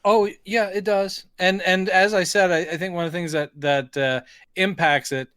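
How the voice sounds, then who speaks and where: A man's voice: high voice, steady tone, normal speed, a bit bright, smooth, no room sound, clean studio sound. A man co-hosting a casual film-review podcast, retelling plot in an easygoing way with asides. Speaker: podcast co-host.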